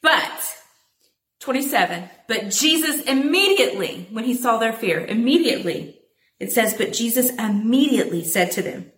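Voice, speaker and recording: A woman teaching a Bible passage in a chatty, animated way, calling her listeners y'all. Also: a little high, normal speed, echoey room.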